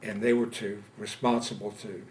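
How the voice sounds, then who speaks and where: A man in his seventies from Louisiana, recounting his war experiences in an oral history interview, speaking haltingly with many pauses and fillers. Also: fairly low pitch, level tone, darkish tone, a little hiss or hum. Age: 70s. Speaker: veteran interviewee. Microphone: interview camera setup.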